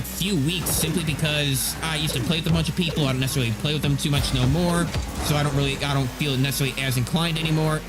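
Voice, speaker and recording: A man streaming a game, chatting casually and rambling as he tests his settings, his voice slightly nasal on a streaming mic. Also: on the high side. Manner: rambling and self-correcting, chatty. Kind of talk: casual live-stream chat while gaming. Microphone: streaming microphone. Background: game audio.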